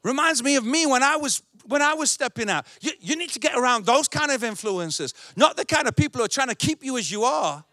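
A man's voice: extremely high pitch, lively intonation, brisk, hardly any pauses, pushed and bright, no room sound, clean studio sound. A male pastor preaching a sermon, emphatic and repetitive.

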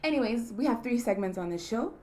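A woman's voice: a little high, animated, brisk, a little mellow. A young woman from Kenya hosts her weekly podcast, talking loosely and playfully. She laughs a lot and fills her sentences with easy asides. A faint hiss sits under her voice. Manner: chatty, laughs often, lots of fillers like "you know". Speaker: podcast host. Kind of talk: casual solo podcast chat.

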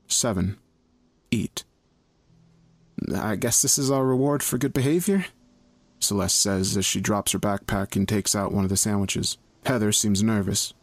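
Male horror narrator, low voice, steady delivery. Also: no echo.

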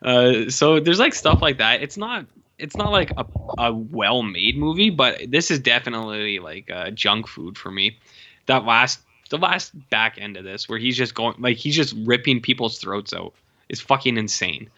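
A man casually co-hosting a movie podcast, talking in an animated, profane way and acting out movie lines in funny voices. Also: medium pitch, normal speed, dull audio. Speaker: podcast co-host.

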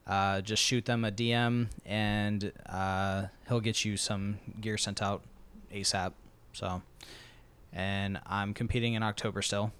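A man's voice: lowish voice, clean tone. A man co-hosting a casual podcast, reading off sponsor plugs in a laid-back way with lots of ums. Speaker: podcast co-host.

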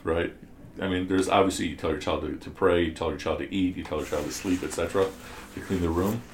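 A man's voice: low-pitched, steady tone, fast, echoey room, a little hiss or hum. A man teaching a class, explaining ideas step by step and asking his students questions. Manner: explanatory, asks the class questions, many restarts. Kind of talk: classroom commentary on scripture.

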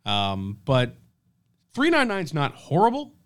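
A man's voice: a little high, huge pitch swings, slow pace, a bit bright. A man co-hosting a casual sports podcast, easygoing and playful, often laughing along with his partner. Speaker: podcast co-host. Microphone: handheld mic.

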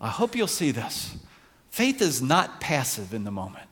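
A man's voice: medium pitch, wildly swooping pitch, normal speed, fairly bright tone, husky, in a large hall. A man preaching a sermon in an earnest way that rises to passionate emphasis. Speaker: pastor.

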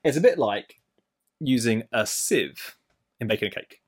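Unhurried and mid-range, with a slight roughness, a middle-aged man's voice works through a Bible passage in his sermon. He keeps it lively with playful stories from daily life and side remarks.

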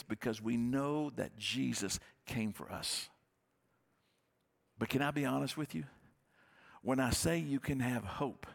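A man preaching a sermon, his voice gravelly with a husky edge. He speaks as a pastor in an earnest, conversational way and circles back on his own phrases. His pitch sits at an ordinary middle level for a man.

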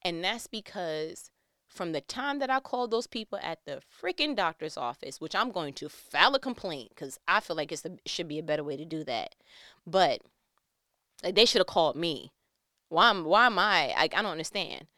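Middle-aged woman, casual storyteller, smooth clear voice, dry close sound, lively delivery. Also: fairly low pitch, moderate pace, no room sound. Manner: animated, swings from hushed to loud and emphatic; faith-filled, conversational. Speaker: vlogger telling a personal story.

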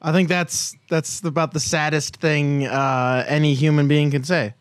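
A man's voice: fairly high pitch, steady tone, a little slow, clear, resonant tone, dry recording. Profane rambling young man. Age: young adult. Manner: profane, rambling, self-mocking. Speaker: podcast co-host. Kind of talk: casual movie review chat.

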